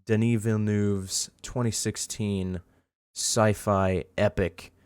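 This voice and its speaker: A laid-back young man co-hosting a casual podcast, speaking evenly with frequent ums and uhs. His voice sits a little low. The recording is dry and close. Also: smooth, no echo. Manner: laid-back, even-toned, fills pauses with um and uh. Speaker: podcast co-host. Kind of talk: casual chat.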